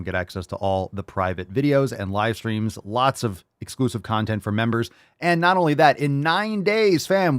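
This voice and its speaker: A man hosting a live-streamed podcast, loud, profane and hyped, rallying his audience and plugging merch. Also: fairly low pitch, no room sound, clean studio sound. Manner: loud, hyped and profane, with mock shouts and crowd-hyping calls. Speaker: podcast host. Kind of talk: casual live-stream show intro.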